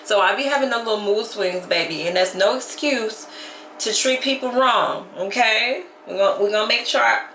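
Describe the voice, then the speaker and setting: Chatty woman venting, bright and echoey. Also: a little high, normal speed, slight background noise. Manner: animated, venting with lots of "baby" and "like". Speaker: vlogger. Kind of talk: casual vlog chat. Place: at home.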